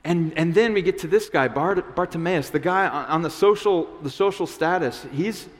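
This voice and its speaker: A man's voice: a little high, normal speed. Guy preaching a laid-back sermon, talks like a chat, lots of restarts, big echoey church hall. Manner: conversational, many restarts and fillers, acts out voices. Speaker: pastor. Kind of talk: casual sermon. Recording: long hall reverb.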